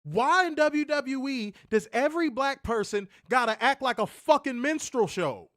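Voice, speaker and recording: A man's voice: very high-pitched, expressive, normal speed, fairly bright tone, dry recording, studio quality. A man co-hosting a wrestling review show, ranting in a profane, exasperated way during casual podcast commentary.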